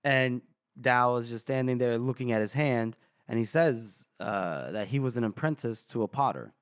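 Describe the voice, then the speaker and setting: A man co-hosting a book podcast, retelling scenes in a casual, animated way and acting out the characters' lines with laughs. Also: medium pitch, normal speed, smooth, no room sound, clean studio sound. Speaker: podcast co-host.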